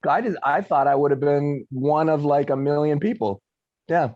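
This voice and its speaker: A middle-aged man, a guest arm wrestler, talking in a relaxed, reflective way and often slowing down to think. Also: fairly high pitch, narrow, tinny audio. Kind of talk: casual conversation.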